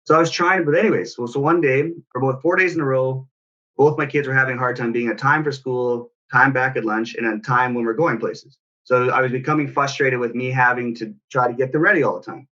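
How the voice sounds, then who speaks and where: Man, parenting coach, earnest reflective storyteller, forceful tone, dull lo-fi sound. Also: mid-range voice, fairly even intonation, a little fast. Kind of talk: personal story in casual talk.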